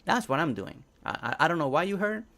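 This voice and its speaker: With big pitch swings, a slightly high, creaky voice, and a fairly quick pace, a young man chats through his game live stream. Spanish is his first language, and he reads chat aloud while thinking out loud about what he's building.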